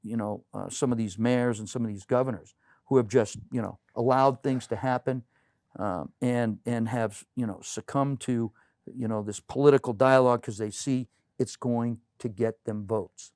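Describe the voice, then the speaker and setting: A man's voice: mid-range voice, steady tone, moderate pace, a little mellow, no room sound. A middle-aged man from the United States, a political candidate, speaking earnestly and emphatically as a guest in a studio interview, with many "you know" fillers. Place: local TV studio.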